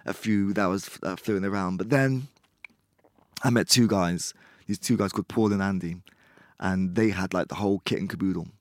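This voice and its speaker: A man, chatting casually as an interview guest, relaxed and rambling with many fillers. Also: deep voice, normal speed, no echo, clean studio sound. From Bristol, England. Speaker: guest musician.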